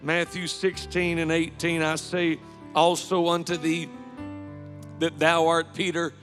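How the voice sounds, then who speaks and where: A man's voice: on the high side, monotone, unhurried, a bit bright, big-room sound, soft background music. A man preaching a sermon, telling stories with emotion and building to fervent praise. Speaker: pastor. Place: church sanctuary.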